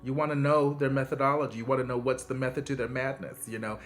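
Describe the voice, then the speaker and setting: A man's voice: steady tone, quick pace, soft background music. A man hosting a video, giving parenting advice in a casual, earnest monologue with frequent fillers and emphatic turns. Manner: conversational, frequent fillers and restarts; earnest and encouraging, emphatic swings in pitch.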